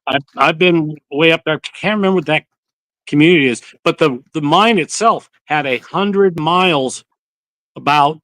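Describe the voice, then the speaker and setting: A man's voice: a little high, moderate pace, fairly bright tone, no room sound, poor audio. A man hosting a casual live-stream chat, telling rambling stories and swearing casually. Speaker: host of a barbecue channel livestream.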